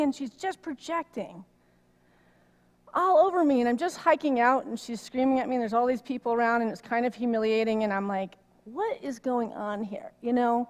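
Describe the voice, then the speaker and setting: A middle-aged woman giving a conversational sermon, telling a personal story in an animated way that rises loud when she gets worked up. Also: fairly high pitch, brisk. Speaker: minister. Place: church sanctuary. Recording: long reverb of a hall.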